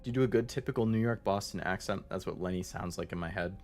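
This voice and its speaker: Man, VTuber streamer, low voice, casual rambling chat, filler-heavy, faint music behind. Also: quick pace, a little mellow.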